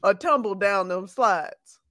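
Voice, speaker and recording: A woman co-hosting a casual podcast, making drawn-out, incredulous remarks. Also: medium pitch, a bit bright, dry recording, studio quality. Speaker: podcast co-host.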